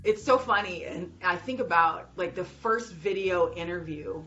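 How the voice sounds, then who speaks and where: A woman hosting a podcast interview, bubbly and excitable, laughing often and talking with big energy. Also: on the low side, normal speed, dull audio, faint music behind. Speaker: podcast host. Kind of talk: enthusiastic interview chat.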